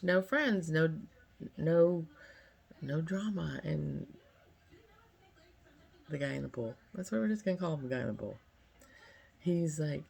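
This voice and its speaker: A woman in her fifties from California spins a casual story time. Her voice sits low with a gravelly edge. She rambles in a friendly, chatty way and leans on fillers. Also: animated, a little slow, long pauses. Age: 50s. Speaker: vlogger.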